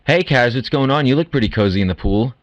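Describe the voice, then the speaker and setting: A man voicing a calm, easygoing house guest in an improvised comedy audio drama, with a curious, laid-back manner. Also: mid-range voice, fast, no room sound, dull audio, lightly acted.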